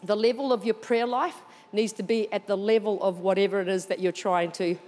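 A woman giving an animated sermon testimony in church, telling her story expressively. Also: mid-range voice, fairly quick, long reverb tail. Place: church auditorium.

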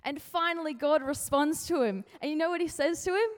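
A fairly high-voiced woman giving a relaxed youth devotion, chatty and playful, slipping into comic voices for the people she quotes. Her voice rings out with a long reverb, as if she is speaking in a large hall. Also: a little fast. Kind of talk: casual youth sermon.

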